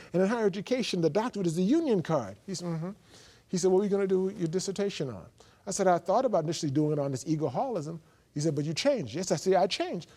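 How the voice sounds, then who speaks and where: A man with a fairly high voice recounts his testimony as an animated story. He acts out both sides of a conversation, swinging between loud outbursts and hushed, quiet lines. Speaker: guest sharing his testimony.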